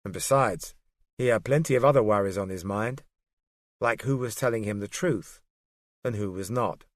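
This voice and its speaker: Steady male audiobook narrator, dry sound. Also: lowish voice, no room sound. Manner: steady, measured storytelling. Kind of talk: scripted narration.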